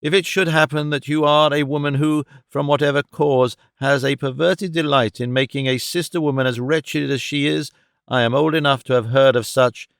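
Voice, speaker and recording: A man voicing an earnest, kindly older gentleman who pleads stoutly and warmly in an audiobook. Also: fairly high pitch, steady tone, moderate pace, gravelly, clear, resonant tone, no room sound, studio quality. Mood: pleading.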